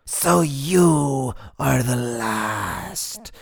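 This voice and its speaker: A man voicing a faceless monster that howls its threats slowly, with stretches that drop to a menacing whisper. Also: medium pitch, animated, gravelly, breathy edge, pitched above the performer's own voice, heavily acted. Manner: slow, drawn-out howling with whispered menace. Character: faceless howling monster, gleeful and cruel.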